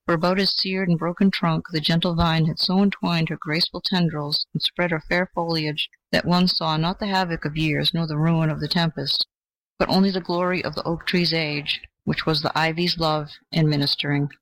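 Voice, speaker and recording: A measured, gentle voice reads an old fairy tale aloud. The sound is dry and close, with no room around it. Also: medium pitch, little pitch movement, no echo, poor audio. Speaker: audiobook narrator. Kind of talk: scripted storybook narration.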